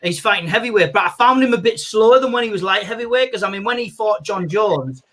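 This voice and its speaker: On a video call, a guest comedian rambles in an animated, easygoing way, sprinkling in plenty of "you know." He talks at a quick pace in a high-pitched voice.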